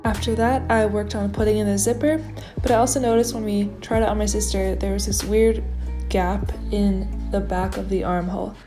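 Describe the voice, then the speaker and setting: A woman's voice: medium pitch, steady tone, moderate pace, music in the background. A young woman narrating her sewing project in a chatty, upbeat way, with giggly asides. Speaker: sewing vlogger. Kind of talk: casual sewing vlog narration.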